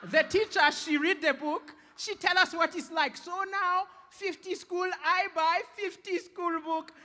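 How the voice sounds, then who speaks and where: A man's voice: very high voice, expressive, measured pace, sharp tone, heavily acted. A man voicing a boastful, corrupt older male uncle who speaks broken English on a stand-up stage with hall reverb. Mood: smug. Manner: broken English, smug and unbothered.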